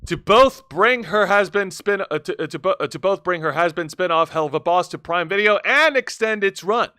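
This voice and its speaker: A male co-host on a live pop culture stream reads news and ad copy, tripping over words and filling gaps with "uh". His voice sits high and sounds bright and forward. The sound is dry and close. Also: lively intonation, moderate pace, no echo. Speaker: podcast co-host. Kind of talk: casual live-stream chat and sponsor reads.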